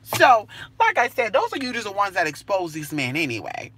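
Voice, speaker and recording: A brash woman vents to her phone camera while she waits outdoors at a bus stop. Her voice is bright and pointed, and she swears freely with a sassy, cutting edge. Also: mid-range voice, wildly swooping pitch, a little fast, slightly rough. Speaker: vlogger. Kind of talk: casual rant to camera.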